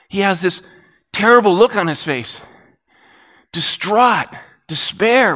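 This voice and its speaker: A man preaching, telling a story with animated swings from excited to hushed. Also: sits high, moderate pace. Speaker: pastor. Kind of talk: sermon storytelling. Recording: long reverb of a large hall.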